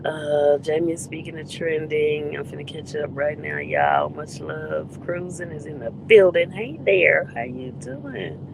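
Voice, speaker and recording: Lively woman greeting her stream chat. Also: low voice, measured pace, vocal fry, noisy background. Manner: greets chat viewers by name, playful. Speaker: live stream host. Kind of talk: casual live stream chat.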